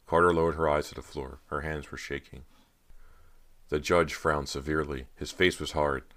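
A man narrating a teen horror audiobook in a measured storytelling manner. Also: a bass voice, steady tone, fairly bright tone. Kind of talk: scripted narration.

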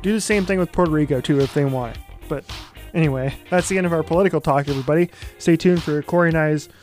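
Quick-talking male podcast host. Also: on the high side, darkish tone, faint music behind. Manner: quick, loose and joking. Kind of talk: casual podcast chat.

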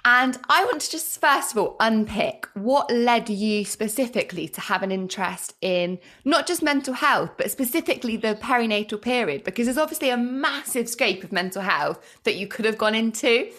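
A woman's voice: on the high side, lively intonation, moderate pace, few pauses, fairly bright tone. A woman hosting a podcast as a midwife, moving from a scripted intro into chatty, self-deprecating conversation with her guest. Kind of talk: friendly scripted intro and interview chat.

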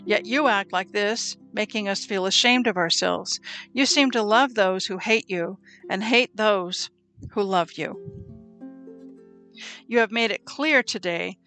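A woman's voice: medium pitch, unhurried, sharp tone, soft background music. Woman reading as a stern army commander. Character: stern army commander rebuking his king.

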